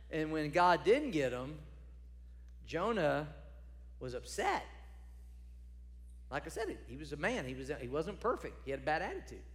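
A man's voice: on the high side, very animated, moderate pace, pauses often, fairly bright tone, in a large hall. A man preaching a sermon as a pastor, conversational and emphatic, repeating phrases for stress.

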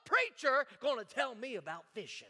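A male preacher voicing a rough, tough fisherman who loudly scoffs and brags about his fishing. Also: extremely high pitch, huge pitch swings, moderate pace, voice pushed up, exaggerated voice. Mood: indignant. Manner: loud, boastful, blustering.

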